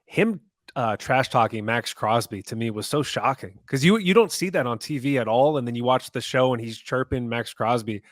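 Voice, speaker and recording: A man's voice: medium pitch, expressive, normal speed, dry recording, studio quality. A man co-hosting a sports podcast in a casual, agreeable way, chatting with his co-hosts. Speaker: podcast co-host.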